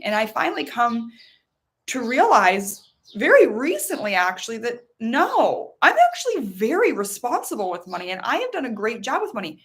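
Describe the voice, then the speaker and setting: With a voice on the high side, a married woman hosts a tapping meditation, first offering calm, slow guidance, then talking animatedly and conversationally about her personal story.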